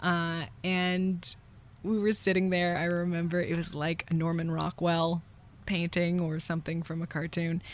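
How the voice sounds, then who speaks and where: Candid woman host with a lowish voice. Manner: candid, rueful, acts out voices in quick whispers and shouts. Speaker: podcast host. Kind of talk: confessional storytelling.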